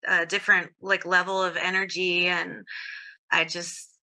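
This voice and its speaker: Very bright-voiced woman, chatty and giggly, from socal, casual interview vibe. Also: on the low side, flat delivery, unhurried, low-quality recording. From Southern California. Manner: candid, giggly, filler-heavy. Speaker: guest.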